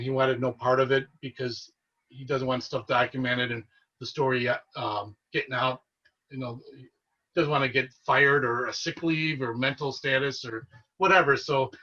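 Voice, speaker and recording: A man, a paranormal investigator, telling his story as a podcast guest in an earnest, excitable way. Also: medium pitch, moderate pace, far from the mic, muffled recording. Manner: earnest, excitable storyteller who relives events. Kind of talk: casual storytelling interview.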